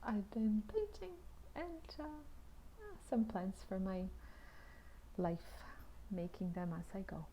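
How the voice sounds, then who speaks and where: A woman's voice: mid-range voice, slow pace, a little hiss or hum. Woman vlogger, casual personal storytelling, chatty with restarts and exclamations, slips into half-whispers. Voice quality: lively, often drops into soft half-whispered asides. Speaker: vlogger telling her own story.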